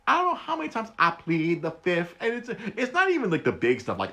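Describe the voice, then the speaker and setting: A man in his thirties hosting a casual solo podcast, laughing often, stammering and repeating words, and jumping his voice high for quoted bits. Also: wildly swooping pitch, fairly quick, few pauses, bright, forceful tone. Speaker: podcast host.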